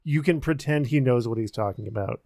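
A man's voice: medium pitch, a little fast, creaky, a little mellow, no echo. Sarcastic man with a dry, close sound. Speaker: podcast co-host. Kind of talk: casual chat.

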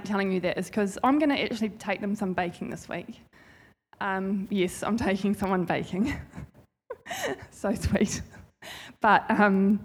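A woman speaks to a church gathering in a loose, conversational way. Her voice sits at an ordinary middle pitch, and she rambles warmly from one thought to the next with plenty of fillers. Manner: chatty, rambling, heartfelt. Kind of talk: informal sermon testimony.

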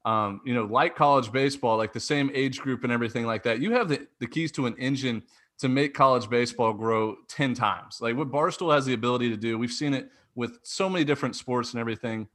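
A man with a medium-pitched voice, hosting a casual sports podcast interview. He talks with enthusiasm and leans on plenty of "like" and "um" fillers. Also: a little fast, fairly bright tone. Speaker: podcast host.

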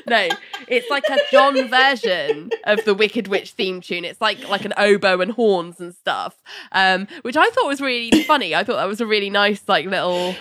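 A woman's voice: medium pitch, expressive, moderate pace, background noise. A woman co-hosting a podcast, chatting casually through a recap of a TV episode, laughing often and filling gaps with "um" and "like". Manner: chatty, bubbly, laughs often, lots of fillers. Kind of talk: casual chat.

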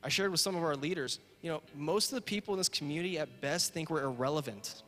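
A man's voice: on the high side, fast. A man preaching as a pastor, earnest and repetitive, building to emphatic points and closing in prayer. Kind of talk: sermon. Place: church sanctuary. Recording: reverberant hall with soft guitar.

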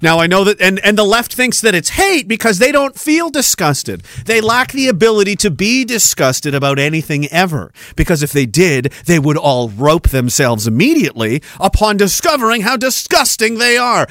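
High-voiced ranting male podcaster. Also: sharp tone, dry recording. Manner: crude, profane, mocking. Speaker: podcast host. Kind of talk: ranting commentary.

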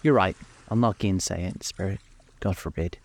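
A man voicing an old miserly gentleman in a storybook reading, speaking tersely when uneasy and eagerly when excited. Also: low-pitched, moderate pace, creaky. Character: old miserly man revisiting his youth.

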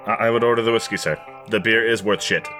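A man's voice: lowish voice, fairly even intonation, fast, pushed and bright, soft background music. A man voicing a nervous, overly polite male railway attendant who stammers and keeps saying sir.

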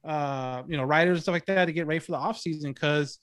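A man's voice: on the high side, fast, a bit bright, no echo, studio quality. A man guesting on a podcast, chatting easily and plugging his own show. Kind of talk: casual chat.

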